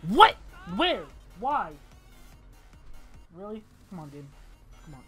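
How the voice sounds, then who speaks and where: Casual gamer host, bright and very lively, swearing and muttering at a platform game through a desk mic. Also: male voice, high voice, slow, long pauses, faint music behind. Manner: exasperated, swearing, yelling at the game; mutters under breath between outbursts. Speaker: gaming channel host. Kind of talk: casual let's play commentary. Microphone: desk microphone by a laptop.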